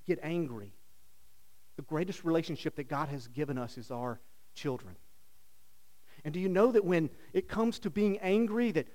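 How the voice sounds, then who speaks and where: A middle-aged man preaching a sermon, telling stories with rhetorical questions and swinging from loud bursts to hushed lines. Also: high voice. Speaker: pastor.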